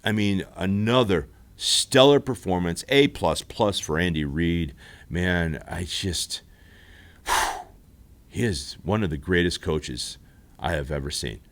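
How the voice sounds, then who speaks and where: A man hosting a football recap show, rambling and animated in casual commentary, laughing often. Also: deep voice, slow. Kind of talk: casual sports commentary monologue. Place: studio.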